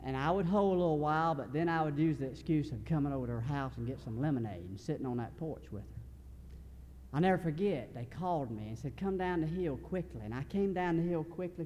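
Give me a man preaching a folksy sermon story in a fairly high voice. He is earnest and often starts his sentences over. There is a long reverb from a big hall and a faint rumble. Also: expressive, warm tone, highs cut off. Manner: folksy, earnest, halting restarts.

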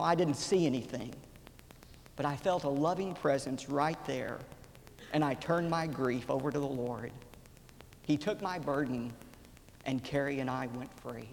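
A man voicing a grieving young widowed father who speaks quietly, with pleading and trembling. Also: a little high, lively intonation, measured pace, vocal fry, pauses often. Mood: hushed wonder. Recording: reverberant hall, faint background noise.

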